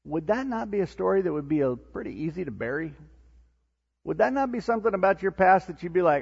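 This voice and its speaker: A husky-voiced man preaching from a pulpit, his voice pitched a little high and pushing hard on the big moments before falling quiet. The sound is dull and lo-fi, with a long reverb trailing through a large church hall. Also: fast. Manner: animated preaching, rising to near-shouts then dropping low and soft. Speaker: pastor. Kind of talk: sermon.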